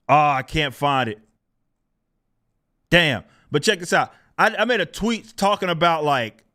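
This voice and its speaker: A man's voice: medium pitch, fairly bright tone. A man hosting his own channel, venting in casual, profane, exasperated commentary and often breaking into laughter. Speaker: channel host.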